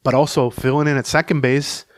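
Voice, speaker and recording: A man's voice: mid-range voice, flat delivery, brisk, dry recording. A man co-hosting a casual sports podcast talks in a mid-range voice, spinning long rambling anecdotes. The sound is close and dry, with no room around him. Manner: rambling anecdotal storyteller, chuckles while telling stories. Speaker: podcast co-host and beat reporter.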